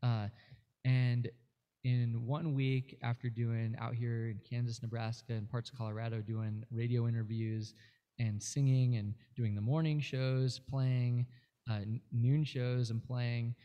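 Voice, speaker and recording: A man's voice: mid-range voice, level tone, a little slow, muffled recording. A man appearing as a guest musician, telling a rambling story in casual interview chat, full of fillers and restarts.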